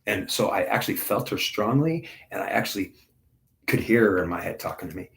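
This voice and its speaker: A man in his forties tells a personal spiritual testimony with raw, intense emotion. His voice sits somewhat low, and he speaks bluntly, swearing freely. He often stumbles and restarts his sentences. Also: animated, a little fast, vocal fry. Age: 40s.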